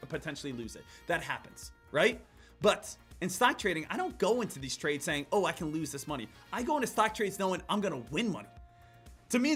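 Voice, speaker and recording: A young man from Pennsylvania talking casually on a trading stream, telling stories in an animated way and often filling in with "again" and "right?". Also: high voice, husky. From Pennsylvania, USA. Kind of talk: casual trading livestream talk.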